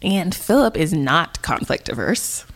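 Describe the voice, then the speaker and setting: Woman, low voice, podcast co-host, animated storyteller. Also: a little slow. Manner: animated storytelling, acts out quoted lines. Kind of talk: casual chat.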